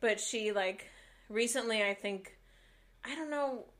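A young woman co-hosting a podcast in casual chat, telling a story softly and rambling with fillers. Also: a little high, a little slow. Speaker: podcast co-host.

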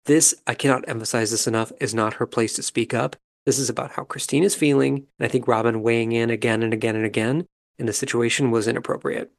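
Male podcast host, calm, analytic show recap, mid-pitched voice with a gravelly fry. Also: quick pace. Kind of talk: casual commentary recapping a reality show.

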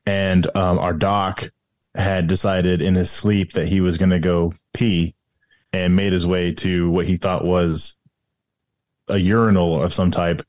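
A man and military veteran, telling stories in a casual chat, full of pauses and restarts. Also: low voice, flat delivery, a little mellow, no room sound, studio quality. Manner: hesitant, lots of ums and restarts. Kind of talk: casual podcast storytelling.

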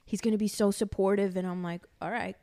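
A woman's voice: mid-range voice, steady tone, fast talker, dark tone. A woman co-hosting a podcast in casual chat, filling in details of her partner's story. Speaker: podcast co-host.

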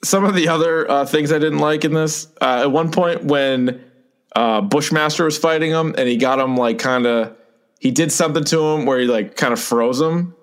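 A man in casual podcast chat, griping about a show and acting out lines in a jumping voice. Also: moderate pace. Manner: exasperated, acts out quotes with pitch jumps. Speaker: podcast co-host.

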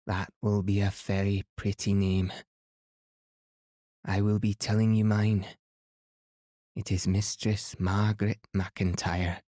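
A dignified old Highland woman with a rich, powerful voice speaks firmly and regally, put on by a male reader. The voice sits low and mellow, in a dry, close sound. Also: flat delivery, slow pace, long pauses, dry recording. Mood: stately. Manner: firm, stately, regal.

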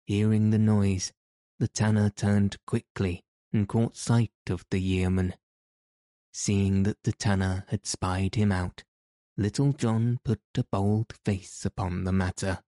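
A man reading a story aloud as the audiobook narrator, in a measured, even manner. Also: on the low side, no echo, clean studio sound. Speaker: audiobook reader. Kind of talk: scripted narration.

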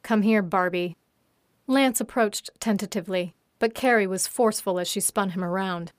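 A woman narrating an audiobook story in a steady, even reading voice. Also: mid-range voice, fairly quick, no room sound, clean studio sound.

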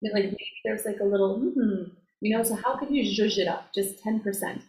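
Woman coach, animated and chatty, roomy echo, faint hiss. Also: medium pitch, fairly quick. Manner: animated, filler-heavy, acts out quoted voices. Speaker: success coach guest. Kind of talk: casual conversational interview.

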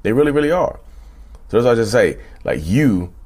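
A man's voice: mid-range voice, very animated, a little fast, a little mellow. A man hosting his own channel, talking casually to viewers, repeating himself and calling them y'all. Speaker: channel host. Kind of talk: casual talk to camera.

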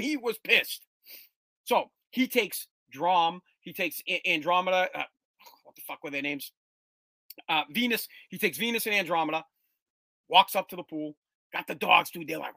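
A man's voice: high-pitched, normal speed, no echo. A middle-aged man from Massachusetts telling casual, profane, rambling stories as a podcast host. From Woburn, Massachusetts, US. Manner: rambling, animated, swears freely, restarts often.

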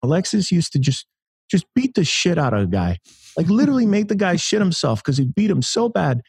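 A man doing a high, soft-voiced boxing legend. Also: sing-song, a little fast, husky, no echo, clean studio sound, heavily acted. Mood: gushing.

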